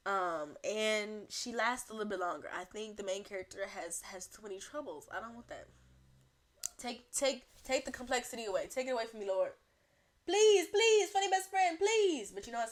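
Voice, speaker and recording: Young woman, podcast host, solo comedic rant; animated, rambling, quick to laugh. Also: mid-range voice.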